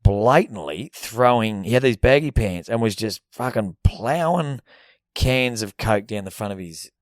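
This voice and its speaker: A young Australian man in casual podcast chat, telling a rambling story with lots of swearing and acted-out bits. His voice sits a little low and is recorded close and dry, with no room sound. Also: animated, a little slow, no echo. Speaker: podcast co-host.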